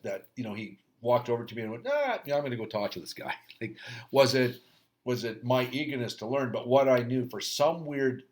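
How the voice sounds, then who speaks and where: A man's voice: lowish voice, a little hiss or hum. A middle-aged man and hockey coach, talking through a casual reflective rant, rambling with many restarts.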